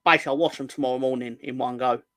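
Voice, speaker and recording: A man's voice: medium pitch, steady tone, rapid-fire, a bit bright, no echo. A man, co-hosting a casual podcast, rambling, swearing freely and slipping into mocking impressions. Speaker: co-host.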